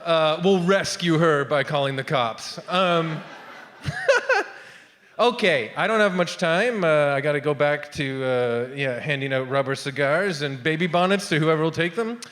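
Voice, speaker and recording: A man in his thirties doing a stand-up set on a theatre stage. His voice is high for a man and his delivery rambles, dropping asides to the audience. The sound carries a long, reverberant hall tail. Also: expressive, measured pace, a bit bright. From Canada. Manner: rambling, with trailing asides to the crowd. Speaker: stand-up comedian.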